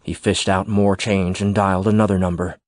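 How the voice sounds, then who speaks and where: Deep-voiced guy reading an audiobook, steady and measured, dry sound. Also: no room sound. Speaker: audiobook narrator. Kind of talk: scripted audiobook narration.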